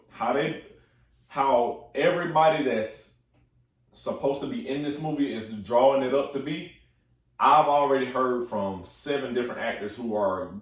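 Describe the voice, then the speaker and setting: A young man casually talking about upcoming films, excitable and slangy, swearing freely. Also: medium pitch. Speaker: movie talk host. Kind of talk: casual movie chat. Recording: echoey room, far from the mic.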